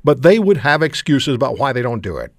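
A man's voice: medium pitch, very animated, fairly quick, no room sound, clean studio sound. Indignant male talk radio host. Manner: indignant, rhetorical, emphatic.

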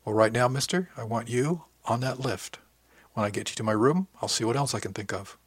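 A man's voice: medium pitch, brisk, breathy edge, dry recording, lightly acted. A man putting on a bold, teasing young woman. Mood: playful.

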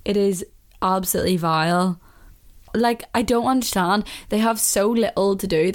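Young Northern Irish woman, solo podcast host; casual, chatty, opinionated, laughs a lot. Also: lowish voice. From Northern Ireland.

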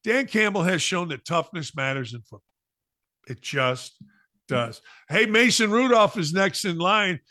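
Man, sports talk host, opinionated monologue, emphatic and repetitive, forceful voice, dry close sound. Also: high-pitched, lively intonation, measured pace, no room sound. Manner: emphatic and repetitive, mocking asides.

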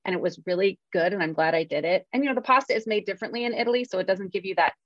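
A woman's voice: medium pitch, racing, no room sound. Woman, podcast co-host, chatty, self-deprecating, dry muffled sound. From California. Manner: chatty, self-deprecating, lots of fillers and laughs. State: jet-lagged. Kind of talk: casual chat.

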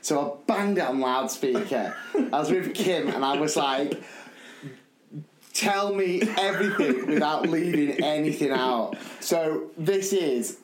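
A young man hosting a podcast, telling an animated, rambling story and laughing as he goes. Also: on the high side, a little slow, slight background noise. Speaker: podcast host. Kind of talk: casual storytelling chat. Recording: echoey room.

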